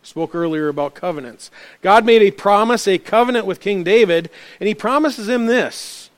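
A man's voice: sits high, moderate pace. A man preaching a sermon in an earnest way, often restarting his phrases. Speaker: pastor.

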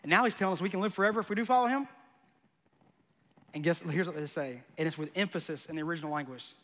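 A man's voice: a little high, fast, a bit bright, in a large hall. A man preaching a sermon, conversational and joking, with bursts of emphasis. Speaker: pastor.

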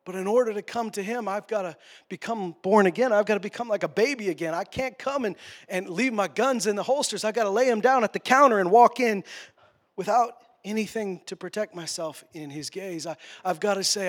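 A male pastor preaching a sermon, passionate, swinging between quiet, tender passages and loud, urgent ones. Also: high-pitched, a little fast.

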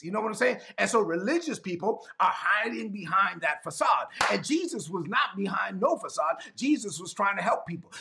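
A man preaching an animated sermon as pastor, speaking. He repeats lines for emphasis and breaks into shouts. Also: high-pitched, gravelly. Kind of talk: energetic sermon.

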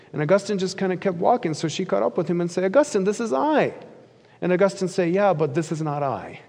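Male pastor preaching, gravelly in a reverberant hall. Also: darkish tone. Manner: earnest preaching, rising for emphasis and dropping low at phrase ends. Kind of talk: sermon. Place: church sanctuary. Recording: long reverb of a large church hall.

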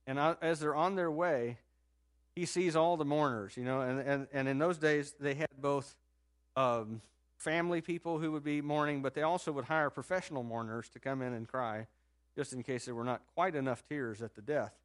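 A man preaching a sermon in a conversational, animated storytelling manner, rising sharply in pitch and loudness at times and dropping to a soft low voice for quoted words. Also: moderate pace. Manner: drops to a soft, low voice when quoting Jesus. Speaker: pastor.

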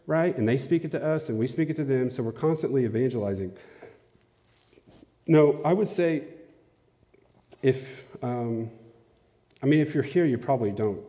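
A man's voice: medium pitch, warm tone. Man preaching in an echoing hall. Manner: casual, asks the audience questions. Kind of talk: conversational sermon. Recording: long hall reverb.

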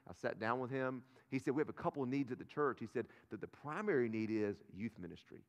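Guy preaching a sermon, gets loud then drops real quiet, medium voice, big echoey church hall. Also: mid-range voice, fast talker. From North Carolina, US. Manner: animated, swings from loud bursts to quiet asides. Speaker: pastor. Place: church auditorium. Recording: long reverb of a church hall.

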